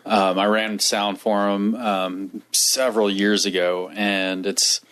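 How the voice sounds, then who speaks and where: A man co-hosting a podcast in casual chat, halting and stammering, swearing for emphasis. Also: on the low side, flat delivery, a bit bright, smooth. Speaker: podcast co-host.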